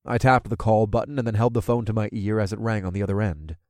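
An audiobook narrator reads a first-person story aloud in a casual, chuckling way. His voice is on the low side and darkish, with a quick pace and fairly even intonation, captured in a dry, clean studio recording.

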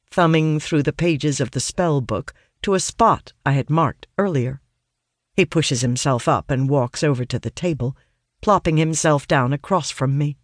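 An earnest audiobook narrator tells a first-person fantasy tale at a middling pitch. The sound is dry and close, with no room around the voice. The delivery is studious and grows animated when the characters speak. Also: no echo.

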